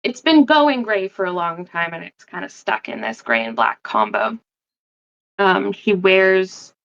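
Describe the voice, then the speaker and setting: A woman describes her character in a tabletop game, slow and hesitant with many fillers. Her voice is gravelly and unhurried. The recording is dull and lo-fi. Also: medium pitch, fairly bright tone. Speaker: player. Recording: dull lo-fi mic.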